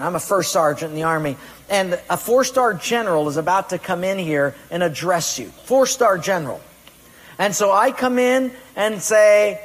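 High-pitched preacher guy, punchy sermon, acts out excuses, big echoey hall. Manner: emphatic preaching, acting out quoted excuses and commands, rising to loud peaks. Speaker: pastor.

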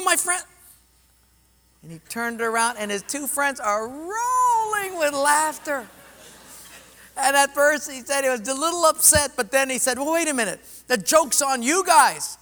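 A high, bright-voiced man preaches with lively storytelling, jumping into the voices of his characters. His words ring out with a long reverb, as in a large hall. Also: normal speed. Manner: animated, acts out voices in stories. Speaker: pastor. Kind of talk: sermon with storytelling.

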